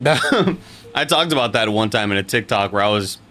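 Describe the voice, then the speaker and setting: A man's voice: lowish voice, lively intonation, moderate pace, pushed and bright, faint music behind. A young man streaming live, chatting casually with his audience in a rambling, joking way and swearing freely.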